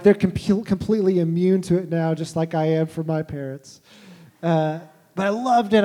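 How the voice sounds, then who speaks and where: A man's voice: on the high side, dark tone. A man giving a sermon as pastor, in a casual, conversational and self-deprecating way.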